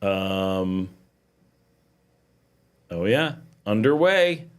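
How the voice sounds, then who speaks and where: A man's voice: fairly low pitch, big pitch swings, drawn-out words, smooth. A middle-aged man hosting a casual livestream, chatting and reading viewer comments aloud. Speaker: livestream host. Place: home in Nicaragua.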